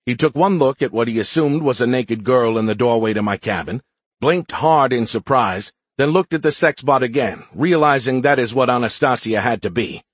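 A man's voice: mid-range voice, moderate pace, husky, no echo. A man narrating a science fiction audiobook in the first person, wry and exasperated.

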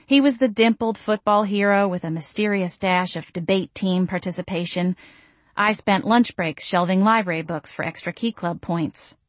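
A woman narrates a first-person story with a wry, self-mocking edge. Her voice sits low for a woman, and the recording is dry and close. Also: no room sound. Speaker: audiobook narrator.

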